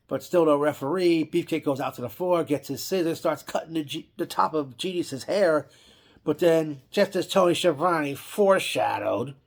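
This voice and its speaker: A man casually recapping an old wrestling event, rambling with frequent restarts and self-corrections. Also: fairly high pitch.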